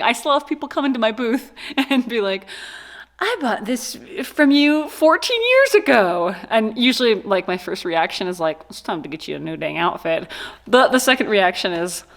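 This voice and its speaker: A woman's voice: high voice, fairly bright tone. A woman in her thirties vlogging casually as she unboxes gifts, gushing and joking with her viewers. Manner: gushing and playful, jokes and exclamations.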